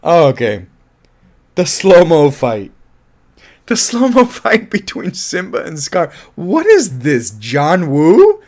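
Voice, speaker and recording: A man casually reviewing a film, animated and laughing often, with offhand swearing. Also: on the high side, slow pace. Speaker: movie reviewer.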